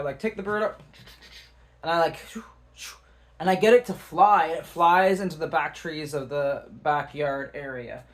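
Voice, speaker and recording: A fairly high-voiced man tells a tense personal story straight to camera. He talks in a lively, animated way, peppered with fillers and the odd curse word. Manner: animated, swearing, many fillers. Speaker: vlogger.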